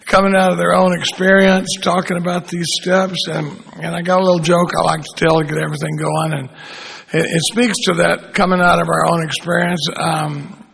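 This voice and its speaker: A man's voice: on the high side, flat delivery, moderate pace, vocal fry, fairly bright tone. A man in his sixties giving a folksy, rambling talk at a recovery convention, often restarting his sentences. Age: 60s. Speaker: recovery meeting speaker. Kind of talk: conference talk with storytelling. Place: convention room at a regional gathering.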